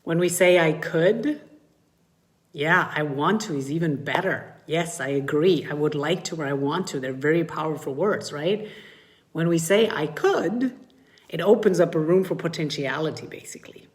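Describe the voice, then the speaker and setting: Lively woman coaching mothers on a live stream. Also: normal speed. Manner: animated, swoops high when acting out feelings. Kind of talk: live-streamed talk to viewers.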